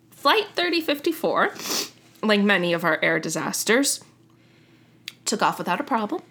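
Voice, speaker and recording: A woman's voice: medium pitch, sharp tone. A young woman hosts a casual storytelling chat, her mid-range voice chatty and loose. She corrects herself often and laughs at her own slips. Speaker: podcast host.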